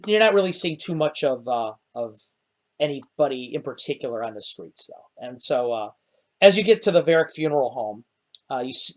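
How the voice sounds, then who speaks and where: A man narrating a tabletop game as game master, in a rambling way with many pauses and fillers. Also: medium pitch.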